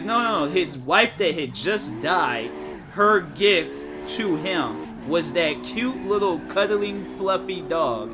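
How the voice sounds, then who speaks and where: A man, a game streamer telling stories in casual chat and jumping into high mock voices. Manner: animated storytelling, jumps into high-pitched mock voices. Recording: music playing behind.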